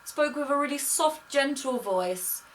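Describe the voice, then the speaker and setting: Speaking unhurriedly in a high voice with lively intonation, a young vlogger gushes and chats her way through a story, quoting people in her own voice. It's a casual vlog captured on a distant mic with faint noise.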